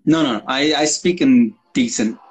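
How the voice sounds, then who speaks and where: A man's voice: medium pitch, normal speed, slightly rough, poor audio. A man co-hosting a casual podcast, an English teacher who talks in a joking, profane, mocking way. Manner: profane, joking, mocks accents. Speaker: podcast co-host. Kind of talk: casual chat.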